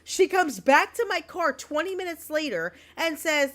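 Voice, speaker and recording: A woman's voice: sits high, animated, normal speed, a bit bright. A young adult woman co-hosting a casual podcast chat, telling a brash story and swearing freely. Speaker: podcast co-host.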